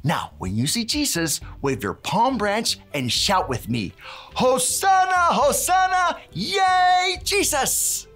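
A woman's voice: sits low, huge pitch swings, a little slow, few pauses, fairly bright tone, slightly rough, faint music behind, full character voice. Cheery handyman teacher. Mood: cheerful. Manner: bouncy, cheering, tosses in Spanish words. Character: cheerful handyman who builds Bible stories. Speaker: children's Bible teacher. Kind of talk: children's church lesson.

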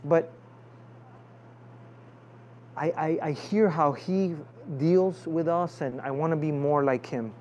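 Pastor guy preaching, chatty, keeps asking for amens, a bit high voice, faint hum behind. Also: slow, pauses often, darkish tone. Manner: conversational, asks the congregation for amens. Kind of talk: sermon with prayer.

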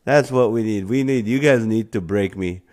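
A man's voice: fairly low pitch, a little mellow. A man hosting a live stream, reading viewer comments aloud and laughing often, at times to tears. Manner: slow, drawn-out delivery.

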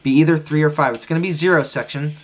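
A man streaming a casino session, frustrated, talking excitedly and repeating his pleas to the wheel. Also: on the high side, fast talker. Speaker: gambling streamer. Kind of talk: live casino session commentary.

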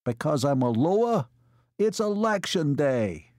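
A man's voice: fairly high pitch, big pitch swings, brisk, dark tone, no echo, clean studio sound, voice pushed up. A man voicing a crowing naive orderly. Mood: indignant. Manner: crowing, eager, awed. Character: brash, naive young male orderly.

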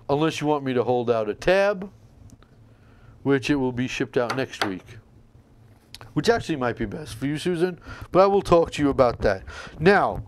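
A man hosting a combat sports podcast, talking in a casual, showman-like way with playful sign-offs. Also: on the high side. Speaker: podcast host. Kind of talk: casual solo commentary.

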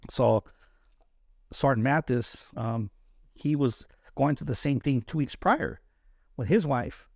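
A man with a gravelly voice, recorded dry and close, tells his story as a guest on a candid interview. He is from East Los Angeles and talks bluntly and profanely, often stumbling over repeated words. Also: medium pitch, slow, a little mellow, no echo. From East Los Angeles, USA. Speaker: interview guest, Army combat veteran.

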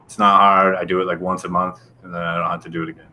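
A man's voice: low-pitched, level tone, racing, sharp tone, a little hiss or hum. A man co-hosting a casual show, talking bluntly and swearing constantly as he rants. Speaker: show co-host. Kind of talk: casual profane chat.

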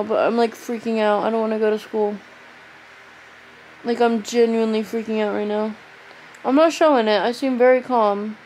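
A woman's voice: fairly high pitch, steady tone, normal speed, a little mellow, a little hiss or hum, rough recording. A teenage girl vlogging at home on her phone camera, exhausted and rambling with lots of fillers. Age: teens. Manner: rambling, tired, filler-heavy talk. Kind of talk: casual vlog chat.

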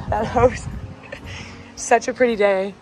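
High-voiced woman vlogger gushing over a puppy. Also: darkish tone. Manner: chatty, with gushing baby talk to a puppy. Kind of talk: casual vlog chat. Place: outdoors on a farm and at home.

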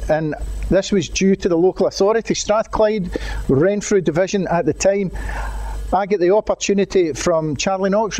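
Casting: older Glaswegian man, storyteller at a lectern, slightly high voice with a mellow tone. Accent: Scottish, Glaswegian. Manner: storytelling, acts out quotes, urging. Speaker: guest speaker, former head teacher. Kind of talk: anecdotal talk to an audience.

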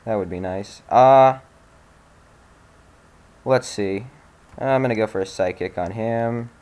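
A man's voice: lowish voice, takes it slowly, darkish tone. Sarcastic, swearing young man gaming. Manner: sarcastic, swears, frustrated outbursts. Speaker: let's play gamer. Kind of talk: casual gameplay commentary.

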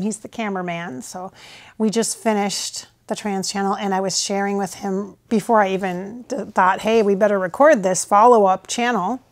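A woman's voice: medium pitch, darkish tone. An American woman talking casually to camera in a rambling, hesitant way, often restarting her sentences. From United States. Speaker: channeler. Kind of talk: casual spoken reflection to camera. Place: at home with her husband filming.

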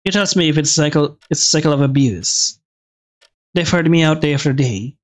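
A man reading a visual novel aloud with casual asides, halting and restarting words. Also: fairly high pitch. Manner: halting, restarts words, reads with some feeling.

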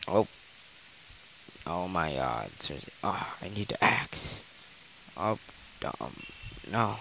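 Excitable young gamer, slow-talking, faint hiss. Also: male voice, on the low side, creaky, poor audio. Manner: excitable, gasping reactions and repeated exclamations. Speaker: gaming channel host. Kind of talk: live gameplay commentary.

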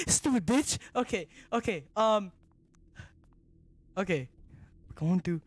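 A young man streaming a horror game, jumpy and excitable, who repeats himself in slangy bursts and drops to a whisper when tense. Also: sits high, slow, pauses often, husky. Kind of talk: live gaming commentary.

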